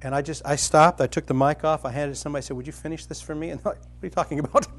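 A middle-aged man preaching a sermon, telling a personal story and retelling a parable, rising to loud excitement in the vivid parts and dropping soft in the tender ones. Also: rapid-fire. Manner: storytelling, grows animated and loud when dramatizing, soft and low when tender.

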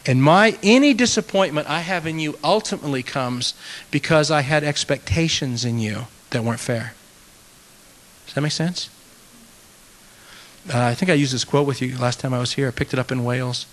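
A man speaking as a pastor in an earnest conversational teaching talk, with animated self-mocking humor. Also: mid-range voice, moderate pace. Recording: long hall reverb.

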